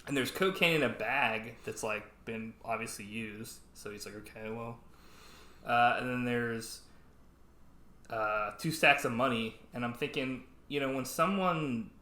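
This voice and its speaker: A man's voice: medium pitch, unhurried, bright, forceful tone, reverberant. A man co-hosting a podcast, chatting casually about a movie, swearing a lot and acting out lines with laughs. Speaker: podcast co-host. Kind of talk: casual movie review chat.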